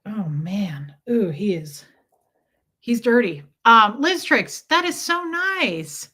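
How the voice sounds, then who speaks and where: A woman's voice: a little high, sing-song, takes it slowly, bright, forceful tone. A middle-aged woman hosting a casual livestream, chatting and reading out viewer messages. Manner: chatty, reads out chat messages, coos at a kitten. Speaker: livestream host.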